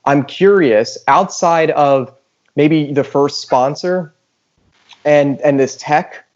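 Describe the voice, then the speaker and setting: A man's voice: a little high, slow pace, darkish tone. A man co-hosting a podcast, asking long, rambling questions in casual chat. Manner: rambling, restarts his questions. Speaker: podcast co-host. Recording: dull lo-fi audio.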